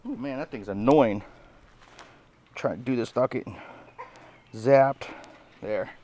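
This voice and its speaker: A man hosting a casual farm vlog outdoors, chatting folksily to the camera and talking to his goats in an excited sing-song. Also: mid-range voice, slow pace, a little hiss or hum. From Nebraska, USA. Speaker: homestead vlogger.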